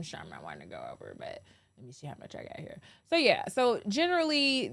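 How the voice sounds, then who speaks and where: A woman hosting a podcast, ranting casually to her viewers, animated, laughing often and swearing freely. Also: medium pitch, dry recording, studio quality. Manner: talks straight to viewers as "y'all". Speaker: podcast host. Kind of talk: casual opinion rant to camera.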